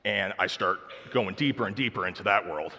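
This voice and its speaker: A young man speaks with a somewhat low voice, recounting his personal testimony in a relaxed, heartfelt way, leaning on "like" as he goes. His words ring out with a long hall reverb. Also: fairly quick, creaky, husky. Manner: casual, heartfelt storytelling full of "like".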